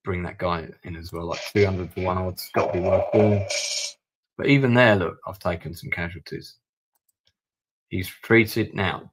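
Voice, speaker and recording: A man streaming a strategy war game, thinking aloud and muttering over his moves as he plays. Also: sits low. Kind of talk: live-stream gameplay commentary.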